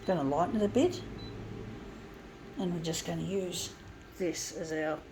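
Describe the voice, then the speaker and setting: A woman's voice: lowish voice, a little slow, noisy background. A woman, rambling chattily to viewers as she crafts at home and calling them "folks". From Guam. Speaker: vlogger. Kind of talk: casual crafting vlog. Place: home lounge room with a fan.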